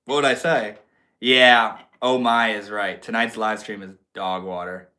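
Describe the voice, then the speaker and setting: A man's voice: lowish voice, fairly even intonation, unhurried, bright, forceful tone. A young man from Maine hosting a casual livestream, chatting in a slangy, laid-back way and answering viewers. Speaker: livestream host.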